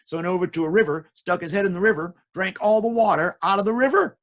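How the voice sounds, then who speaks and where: A man telling folk tales to children in a playful, jokey, expressive way. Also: high voice, fast. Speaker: children's storyteller. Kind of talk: animated storytelling for children.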